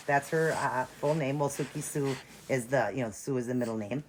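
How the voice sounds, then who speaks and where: A woman's voice: extremely low pitch, a little fast, hardly any pauses, noisy background. A woman chatting to her viewers as she grooms and dresses a doll, gushing and chatty. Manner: gushing, chatty, talks to viewers while working. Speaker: reborn doll vlogger. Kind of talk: casual show-and-tell narration.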